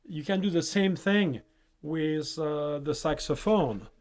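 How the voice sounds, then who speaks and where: A man's voice: a little high, takes it slowly, a little mellow. A man teaching music, explaining rhythm in short phrases and chanting rhythm syllables to demonstrate. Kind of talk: instructional explanation.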